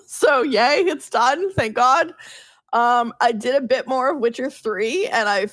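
A woman co-hosting a casual gaming podcast, telling animated stories, laughing often and swearing casually. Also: a little high, slow, no echo. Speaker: podcast co-host.

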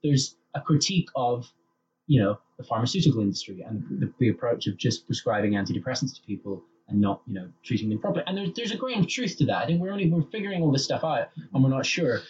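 A man rants through a casual podcast review, swearing freely. His pitch swings widely as he gets worked up. The recording is a little dull, with a faint hiss underneath. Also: fast talker. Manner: ranting, sweary, animated. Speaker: podcast co-host. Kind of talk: casual comedic review chat. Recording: slightly dull with faint noise.

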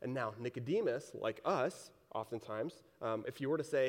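A man's voice: medium pitch, moderate pace, long reverb tail. A man preaching a sermon in a casual, conversational way, retelling scripture in everyday speech. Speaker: pastor.

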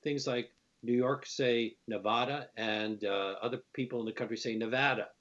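Measured male radio host. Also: medium pitch. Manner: measured, reflective, steering the talk. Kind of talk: radio interview. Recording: slightly dull radio sound.

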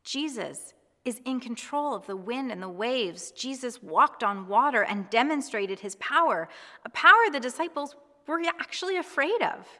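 Woman preacher, reflective devotional tone, clear bright voice. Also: a little high, lively intonation, moderate pace, big-room sound. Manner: gentle, reassuring, reflective. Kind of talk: devotional sermon.

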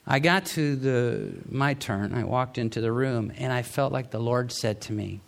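A man's voice: mid-range voice, normal speed, vocal fry, few pauses. Conversational male pastor preaching. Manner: conversational storytelling with restarts and laughs. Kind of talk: sermon.

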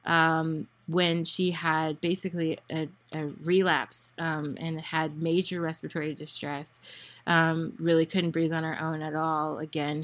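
Emotional woman podcaster with a low voice. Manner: rambling, many fillers and restarts; emotional, voice wavering. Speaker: podcast host. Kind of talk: personal storytelling.

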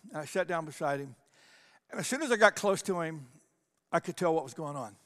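A male pastor telling a personal story in a conversational sermon, animated and full of restarts. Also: a little high, a little fast, in a large hall.

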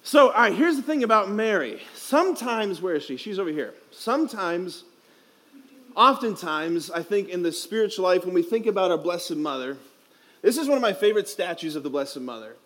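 A man's voice: sits high, fairly bright tone. A young man, a priest, giving a playful, emphatic homily at a youth conference, asking the crowd questions, speaking into a headset mic.

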